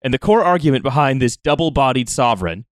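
A man hosting a podcast, talking in casual chat with many halting restarts. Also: mid-range voice, expressive, dry recording, studio quality. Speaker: podcast host.

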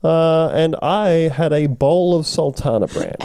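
A man's voice: a little high, measured pace, dark tone, no room sound, studio quality. A man with an Australian accent, co-hosting a podcast in a laid-back, rambling, sweary way. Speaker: podcast co-host. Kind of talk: casual chat.

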